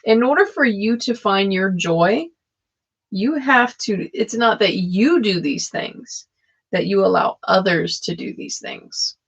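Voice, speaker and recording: A woman's voice: medium pitch, lively intonation, slow, vocal fry, breathy edge. A woman, hosting a live tarot stream and chatting casually with viewers, laughing often. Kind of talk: casual live-stream chat with card readings. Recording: dull lo-fi stream audio.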